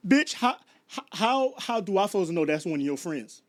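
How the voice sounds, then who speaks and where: A man's voice: high-pitched, big pitch swings, fairly quick. A man, ranting late at night to his viewers, stumbling over restarts and firing off rhetorical questions. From Chicago. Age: 30s. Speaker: vlogger. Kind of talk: late-night rant to camera.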